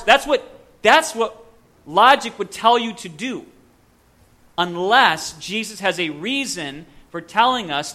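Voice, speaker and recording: Male pastor, preaching, high bright voice, slow deliberate delivery, earnest. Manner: earnest preaching with rhetorical questions and dramatic pauses. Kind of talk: sermon.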